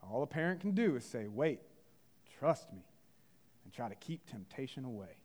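A man putting on a Carolina accent to voice a plain, wise small-town Southern father, talking slowly in a folksy drawl. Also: medium pitch, sing-song, darkish tone, voice pushed down. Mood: earnest.

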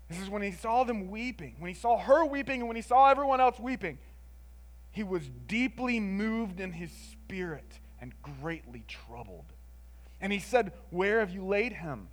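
A man preaching a sermon in an expressive, conversational way, moving between emphatic lines and hushed ones and often adding "like" and "right?". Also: high-pitched, unhurried.

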